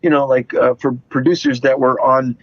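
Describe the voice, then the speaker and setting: A man's voice: mid-range voice, moderate pace, no room sound, highs cut off. A man in his sixties, an actor and interview guest, telling anecdotes, acting out the voices of the people in his stories and laughing often. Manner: animated storyteller acting out quotes, laughs often. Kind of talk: anecdotal storytelling.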